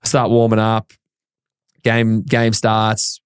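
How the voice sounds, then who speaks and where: Speaking slowly in a fairly low, clean voice, an Australian basketball pro recounts his story as an interview guest. He's an animated storyteller who performs the quoted dialogue, and the studio recording has no echo.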